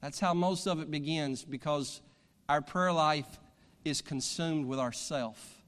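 Long hall reverb surrounds a male preacher whose fairly high, fairly bright voice moves a little slowly. He reads scripture aloud during his sermon and builds toward fervent preaching.

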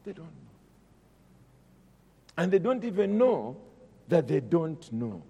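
A man preaching a sermon, dramatic, dropping to a hush and then rising loud. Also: a little high, big pitch swings, slow, slightly rough, long reverb tail. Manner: dramatic, swings between hushed and loud.

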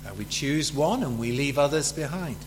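A man's voice: mid-range voice, animated, moderate pace, a little hiss or hum. A man preaching a sermon in a chatty way, full of rhetorical questions to his listeners.

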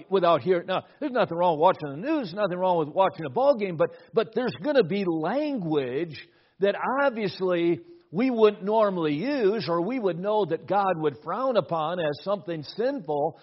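A man's voice: sits high, animated, normal speed. A middle-aged man preaching a sermon, telling a family story with repeated words at the start of phrases. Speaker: pastor. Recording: dull lo-fi recording.

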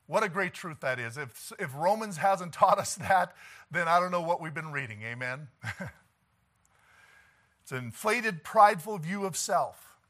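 A preacher with a bright, slightly high voice delivers his sermon with passion. He swings from hushed, pleading lines to shouted declarations, laughing between points. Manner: impassioned preaching, rising to shouts, with chuckles. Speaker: pastor.

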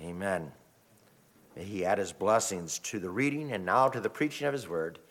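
Animated male pastor preaching in reverberant church. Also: on the low side, fairly quick. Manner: animated storytelling with emphatic rises. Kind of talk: sermon with scripture reading. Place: church sanctuary.

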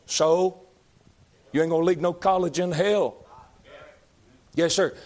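A man preaching a fiery sermon, emphatic and repetitive, rising to shouts. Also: a little high, steady tone, normal speed, pauses often. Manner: folksy, emphatic, shouting at peaks, repeats lines.

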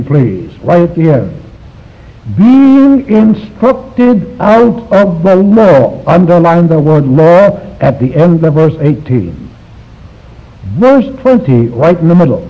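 A man teaching a Bible study to a live class, emphatic and full of rhetorical questions. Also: on the high side. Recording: dull lo-fi recording.

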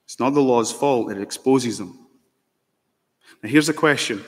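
A pastor preaches a sermon in a church, earnestly putting pointed rhetorical questions to the congregation. His voice is medium-pitched and a little slow, and long church reverb trails each phrase.

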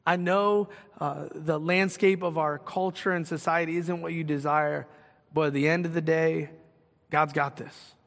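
A man's voice: a little high, steady tone, unhurried, vocal fry, a bit bright. Man preaching in an echoing hall. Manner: conversational preaching with rising emphasis. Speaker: pastor. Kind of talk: sermon.

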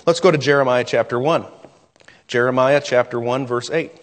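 Earnest male preacher in a reverberant hall. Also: medium pitch. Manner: earnest, with dramatic pauses and drops to a hush. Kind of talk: sermon.

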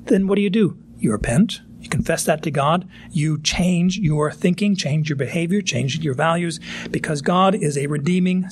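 A man's voice: fairly high pitch, slight background noise. A pastor giving a sermon in an earnest, plain-spoken way, now and then acting out the voices he quotes.

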